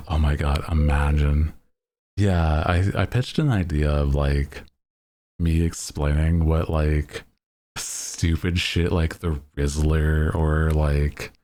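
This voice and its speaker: A man streaming as a VTuber, chatting casually to his viewers in a deep voice, rambling and laughing often. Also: darkish tone.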